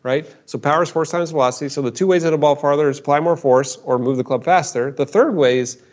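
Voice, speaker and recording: A man's voice: a little high, fast talker. Man telling a story on a dull recording. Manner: animated, repeats words, acts out quotes. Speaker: guest expert. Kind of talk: storytelling in a podcast conversation.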